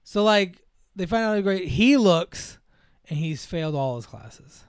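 A man's voice: sits high, expressive, a little slow, clear, resonant tone, no room sound, studio quality. A man in casual chat recapping a film's plot, rambling with lots of fillers and acting out the characters' lines.

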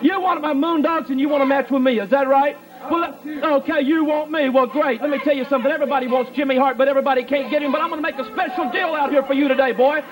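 A man's voice: extremely high pitch, steady tone, fast talker, poor audio. A man, working as a wrestling manager and delivering a brash, mocking taunt in a promo interview. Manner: brash, mocking, sing-song heckling. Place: wrestling arena with loud crowd. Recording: archive TV recording with loud crowd.

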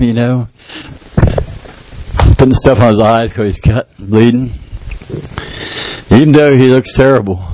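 A male pastor preaching a sermon in church, telling a story with lively, shouted sound effects. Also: mid-range voice, a little hiss or hum, low-quality recording.

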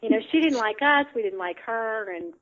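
A woman's voice: a little high, lively intonation, normal speed, crowd noise. A woman guest telling a story in casual chat, chatty, with frequent laughter and many fillers. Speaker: interview guest. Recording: tinny phone line.

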